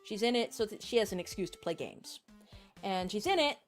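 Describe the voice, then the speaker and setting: A woman's voice: mid-range voice, expressive, a little fast, faint music behind. A woman streamer chatting casually and candidly, rambling with lots of fillers.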